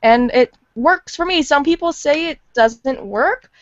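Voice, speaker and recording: Brief: high-pitched woman, rambling self-deprecating podcast chat, dry close sound. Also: animated, a little slow, dry recording. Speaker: fan voice actor. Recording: dull lo-fi audio.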